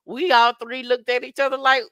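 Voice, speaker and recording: A woman co-hosting a podcast, talking casually and telling stories with lively, acted-out dialogue. Her voice is bright and crisp. It sounds dry and close, with no room echo. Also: high voice, fairly quick. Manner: lively storyteller who acts out dialogue; emphatic, repetitive advice-giving. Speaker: podcast co-host.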